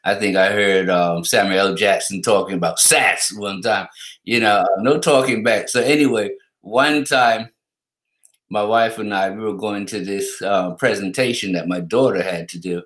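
A middle-aged man co-hosting a podcast, telling family stories in a relaxed way and laughing through them. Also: lowish voice, moderate pace. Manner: laid-back storyteller who laughs through his anecdotes. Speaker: podcast co-host. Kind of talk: casual podcast chat. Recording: roomy echo.

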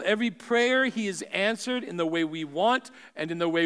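A man preaching a sermon as pastor, building to impassioned peaks and dropping to soft, pleading appeals. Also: sits high, lively intonation, normal speed, few pauses, clean tone, some chatter behind. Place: church sanctuary. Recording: long hall reverb.

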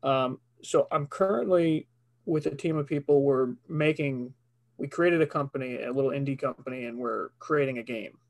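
A man's voice: medium pitch, normal speed, gravelly. A man who works as a voice actor, talking casually as a podcast guest in a rambling, filler-heavy way.

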